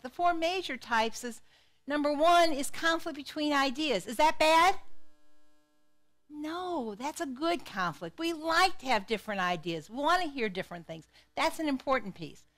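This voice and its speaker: A middle-aged woman psychologist giving a lively, interactive talk to a live audience, often putting questions to the crowd. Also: sits high. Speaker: psychologist and speaker.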